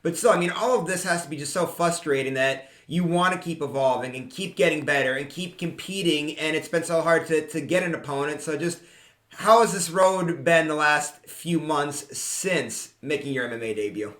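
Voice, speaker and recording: A man's voice: a little high, normal speed, fairly bright tone, roomy sound. A man hosting an interview, asking long run-on questions. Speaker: interview host.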